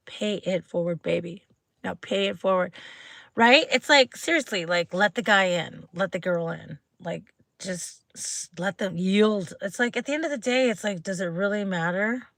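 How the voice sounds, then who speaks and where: A woman's voice: mid-range voice, moderate pace, creaky, a bit bright, no room sound. A woman hosting a casual live stream, chatting to viewers in a bubbly way, full of "like" fillers and greetings. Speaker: livestream host.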